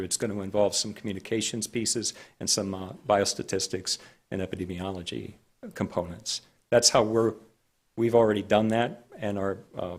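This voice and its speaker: A man speaking as a public health director at a county board meeting, measured and halting with frequent restarts. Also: sits low, slightly rough.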